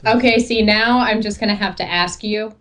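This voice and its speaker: A woman hosting an interview, eager and excited in casual chat. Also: mid-range voice, moderate pace. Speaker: interview host.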